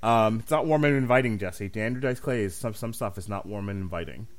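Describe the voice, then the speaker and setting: A man co-hosting a podcast, telling profane stories with loud mimicked voices. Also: on the low side, brisk. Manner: profane, animated storyteller, mimics voices loudly. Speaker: podcast co-host. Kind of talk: casual chat.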